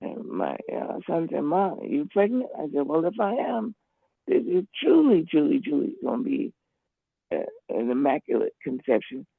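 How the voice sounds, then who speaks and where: A woman's voice: deep voice, wildly swooping pitch, moderate pace, gravelly, husky, no room sound. A woman calling in to an online class, talking in a rambling, emphatic way and repeating herself. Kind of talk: casual spoken account. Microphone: computer call. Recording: tinny phone-like line.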